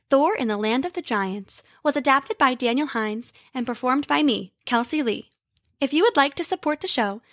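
A woman narrating a children's story in an expressive scripted style. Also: high voice, dry recording, studio quality.

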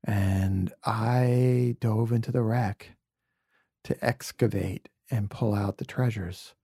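A man from Brooklyn with a low, gravelly, husky voice, speaking earnestly in a reflective conversation. He tells emotional stories and slips into soft whispers. The sound is close and dry. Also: steady tone, takes it slowly, no echo. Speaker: podcast guest.

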